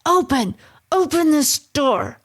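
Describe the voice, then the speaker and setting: A woman voicing a frightened, furious husband in a horror story, shouting his demands. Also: a little high, lively intonation, measured pace, voice pushed up. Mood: angry.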